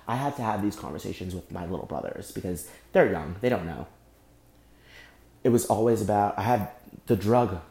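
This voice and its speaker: A young man hosting a solo podcast, speaking angrily and with deep emotion, often breaking off and repeating himself. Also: mellow, roomy sound. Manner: angry, emotional, repeats and restarts. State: emotionally shaken. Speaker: podcast host. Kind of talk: impassioned solo podcast monologue.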